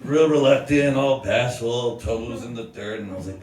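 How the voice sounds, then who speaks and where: A man's voice: medium pitch, moderate pace, darkish tone. A young man doing stand-up comedy, rambling and self-mocking, often laughing at his own jokes. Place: small comedy open mic venue with audience. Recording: roomy sound from a distant mic, crowd noise. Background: audience laughter.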